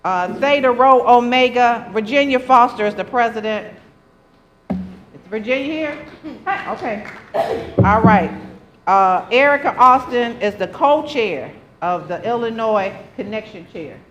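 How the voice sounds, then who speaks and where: A woman's voice: on the high side, animated, unhurried, highs cut off. A woman serving as alderwoman, reading out acknowledgements at a council meeting in an emotional, heartfelt way. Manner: warm, emotional, calls out names. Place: large council chamber with a crowd. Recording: faint crowd and noise.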